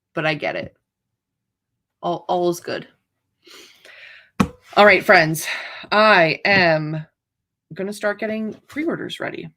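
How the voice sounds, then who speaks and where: A woman's voice: deep voice, gravelly, a little hiss or hum. A woman author hosting a livestream, chatting casually in a rambling, playfully dramatic way. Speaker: author hosting writing sprints.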